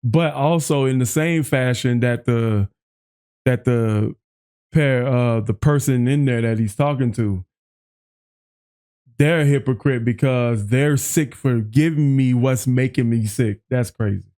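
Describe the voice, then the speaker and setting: A man hosting a music reaction video, chatting excitedly, often restarting his sentences and quoting lyrics back. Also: mid-range voice, unhurried. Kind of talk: casual reaction commentary.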